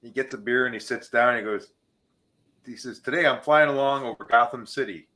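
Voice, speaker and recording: A man hosts a casual talk show, his voice bright and forward. He tells jokes with animated shifts between the characters' voices. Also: a little fast. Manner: animated joke-teller, changes pitch for each character. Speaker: podcast host. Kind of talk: casual chat, telling jokes.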